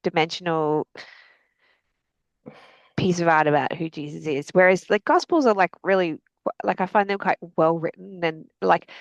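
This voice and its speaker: A woman's voice: fairly low pitch, normal speed, gravelly, long pauses, dry recording, lo-fi sound. A woman author talking as a podcast guest in a casual, hesitant way, filling her sentences with "like" and "um". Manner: hesitant, many fillers like "like" and "um". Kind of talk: casual faith conversation.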